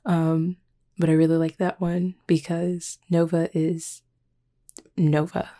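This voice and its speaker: A young adult woman chatting casually as she answers fan questions, soft-spoken and hesitant, with many pauses and ums. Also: lowish voice, flat delivery. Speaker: audio drama creator answering fan questions. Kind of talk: casual Q&A chat.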